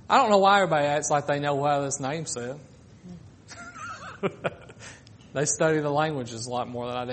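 A man preaching a sermon, moving between raised pleading lines and soft, slowed phrases, with casual asides. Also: on the high side. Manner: swings from loud pleading to hushed, drawn-out phrases.

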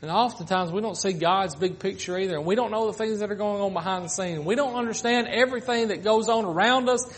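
A man preaching a sermon, moving between raised pleading lines and soft, slowed phrases, with casual asides. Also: sits high, a little hiss or hum. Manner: swings from loud pleading to hushed, drawn-out phrases.

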